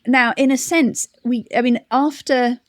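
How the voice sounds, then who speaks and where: A woman's voice: sits high, fairly even intonation, a little slow, dry recording. Reflective woman, dry close mic. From United Kingdom. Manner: reflective, many restarts and soft laughs. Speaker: interview guest, campaign director. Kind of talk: conversational interview.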